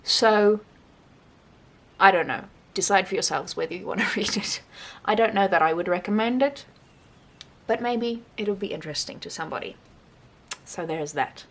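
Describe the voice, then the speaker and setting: A young woman talks through her month's reads in a loose, chatty way, rambling on and laughing as she goes. Her voice sits at an ordinary middle pitch for a woman, and she sounds animated and unscripted. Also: normal speed, pauses often. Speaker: book vlogger. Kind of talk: casual monthly reading wrap-up.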